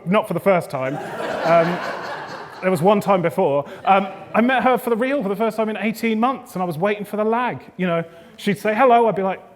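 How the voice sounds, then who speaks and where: A man, a stand-up comedian, hosting a live awards night with playful, jokey crowd work and loud calls to the audience. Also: sits high. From England. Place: event venue hall, indoors. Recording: echoey hall with long reverb.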